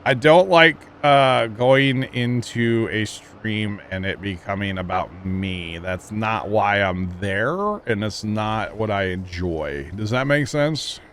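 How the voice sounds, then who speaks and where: A man's voice: fairly low pitch, animated, slow, few pauses, a bit bright, slight background noise. A man livestreaming a farming game, talking casually and rambling to his chat, chuckling often. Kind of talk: casual chat while playing.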